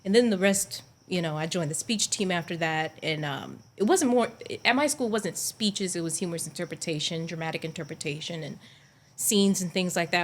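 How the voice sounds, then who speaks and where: Laughing, animated woman telling stories. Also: fairly low pitch. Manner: animated storyteller, laughs often. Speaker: guest actress. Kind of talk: casual chat. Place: podcast studio.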